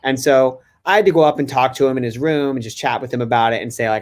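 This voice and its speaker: Male podcast co-host, mid-pitched voice, candid and self-reflective storyteller. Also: quick pace, hardly any pauses. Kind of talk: casual podcast chat.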